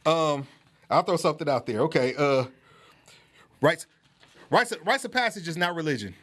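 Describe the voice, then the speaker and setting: A man's voice: fairly high pitch, animated, moderate pace, fairly bright tone. An American man hosting a podcast conversation, talking loosely with many restarts and laughs. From United States. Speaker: podcast host. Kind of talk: casual conversational interview.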